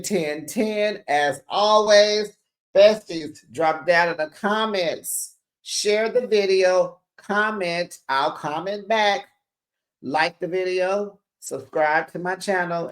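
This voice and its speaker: A reality TV recap host giving a gossipy monologue, sassy and dramatic, acting out quotes and calling viewers besties. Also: mid-range voice.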